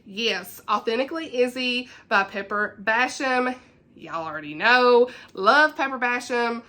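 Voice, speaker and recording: A woman's voice: on the high side, animated, measured pace, bright, forceful tone. A young woman, chatting casually to camera about books and giggling often. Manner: chatty and giggly, greets viewers by name. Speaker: book vlogger.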